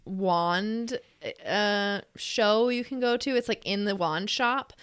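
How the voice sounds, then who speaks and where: A woman's voice: medium pitch, slow, a bit bright, smooth, no room sound. Chatty laughing young woman co-host. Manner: laughing storyteller, many filler words. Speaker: podcast co-host. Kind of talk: casual chat.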